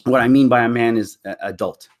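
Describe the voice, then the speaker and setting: A man speaking on a live stream with a middle-pitched voice. He tells a personal story candidly, rambling and restarting his sentences as he goes. The delivery is loose and conversational, aimed straight at his viewers. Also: fairly quick. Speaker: YouTube commentator.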